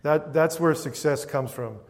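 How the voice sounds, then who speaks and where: Preaching at a measured pace, a male pastor with a slightly high voice keeps asking the congregation "Amen?" throughout his sermon. A long hall reverb colors the recording.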